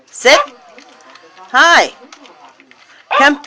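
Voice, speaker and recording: High-voiced woman laughing and scolding her dog. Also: sing-song, very slow, pauses often, a bit bright. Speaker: dog owner filming at home. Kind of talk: casual home video chatter.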